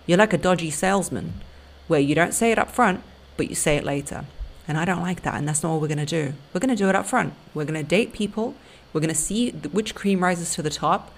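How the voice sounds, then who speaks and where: A woman's voice: fairly low pitch, fairly quick, creaky. A woman hosting a podcast, giving blunt, emphatic relationship advice straight to her listeners. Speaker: podcast host and dating coach.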